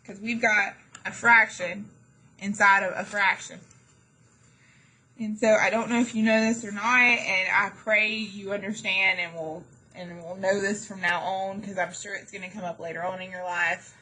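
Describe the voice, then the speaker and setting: A woman's voice: mid-range voice, steady tone, moderate pace, pushed and bright, poor audio. A woman math teacher giving a classroom lesson, chatty and jokey, with dramatic asides to her students.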